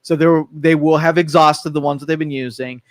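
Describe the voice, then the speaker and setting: A man co-hosts a local talk radio show, talking politics in a casual, animated way and slipping into quoted voices. His voice sits a little high, and the studio sound is dry and close. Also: fairly quick, dry recording. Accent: Northeast Ohio. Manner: animated, acts out quoted voices, frequent restarts.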